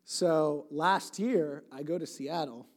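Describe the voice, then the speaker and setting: A man's voice: fairly high pitch, slow pace. A man in his late twenties giving a church talk, telling stories in a rambling, conversational way, often breaking off mid-sentence and adding humor. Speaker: church speaker. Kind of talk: sermon storytelling. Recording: long hall reverb.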